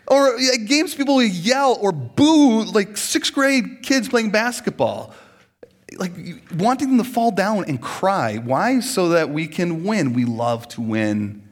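A man's voice: sits high, animated, slow pace. A man in his forties from Minnesota, preaching a humorous sermon, joking and acting out little scenes as he goes.

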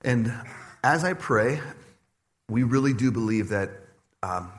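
A man preaching a sermon to his congregation, animated and personal, acting out quoted voices with laughter. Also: medium pitch, takes it slowly. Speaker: pastor. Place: church stage before a congregation.

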